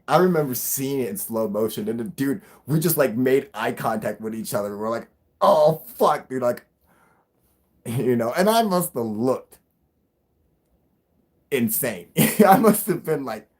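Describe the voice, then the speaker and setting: A young man hosting a casual livestream, rambling and swearing, with frequent laughs. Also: medium pitch. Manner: rambling, profane, laughing often. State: high. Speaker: livestream host.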